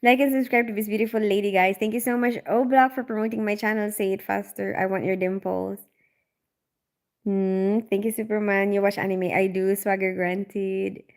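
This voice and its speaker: A woman's voice: mid-range voice, level tone, normal speed. A woman hosting a casual livestream, chatting and reading viewer comments aloud with frequent laughs. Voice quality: loud on calls.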